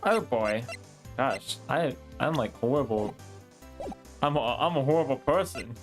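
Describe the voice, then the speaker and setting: Male streamer, live game commentary, self-mocking, slow pace, game music behind. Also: mid-range voice, expressive.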